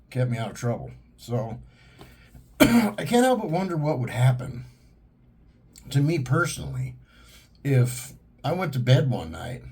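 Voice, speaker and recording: Husky guy going off in an angry cussing rant, blunt and heated. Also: on the low side, darkish tone. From United States. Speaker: vlogger. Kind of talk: monologue to camera.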